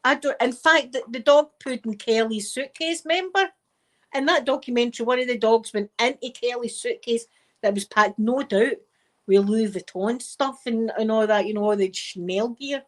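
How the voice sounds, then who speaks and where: A middle-aged Scottish woman in soft-spoken casual chat, rambling warmly as an ASMR host. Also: a little high, moderate pace. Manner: chatty and rambling, with frequent wee and laughter.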